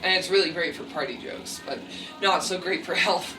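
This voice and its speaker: Talking at a moderate pace in a voice on the low side, this woman demonstrates exercises in a loose, chatty way, peppering it with fillers and jokes at her own expense. Faint music and room echo come through a distant mic.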